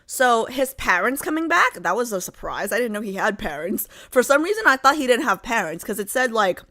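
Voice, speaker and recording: Bright-voiced chatty woman streamer. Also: a little high, big pitch swings, brisk. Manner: rambling, chatty, full of fillers and asides. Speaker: livestream host. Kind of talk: casual chat with live viewers.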